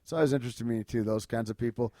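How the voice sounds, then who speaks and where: A man hosting a casual podcast, talking in loose, profane, rambling rants full of jokes. His voice sits at an ordinary pitch and sounds close and dry, with no room around it. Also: very fast, mellow, dry recording. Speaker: podcast host. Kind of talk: casual chat.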